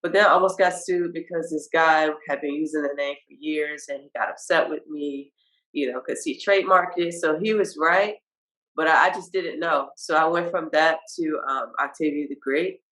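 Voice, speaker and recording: A woman from Virginia, a rapper guest on a casual podcast, talking in a relaxed, candid way with casual swearing and hesitant fillers. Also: low voice, moderate pace, low-quality recording.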